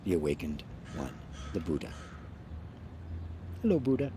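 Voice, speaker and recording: A man hosting a live spiritual satsang, speaking slowly and softly, trailing into quiet tones and reading out viewer comments. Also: low-pitched, big pitch swings, slight background noise. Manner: slow, soft and reflective, often trailing off quietly with gentle laughs. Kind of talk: live-stream talk answering chat comments.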